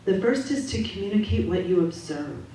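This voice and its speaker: A woman giving a calm, measured, gently instructive Sunday talk to a congregation, as a spiritual practitioner. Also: mid-range voice. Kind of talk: sermon-style talk to a congregation. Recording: echoey hall audio from far off, faint noise.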